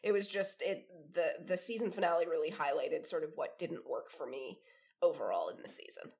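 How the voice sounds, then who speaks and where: A woman's voice: deep voice, brisk, creaky, darkish tone. A woman co-hosting a casual podcast, chatty and wry, who rambles with restarts. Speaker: podcast co-host. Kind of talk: casual chat.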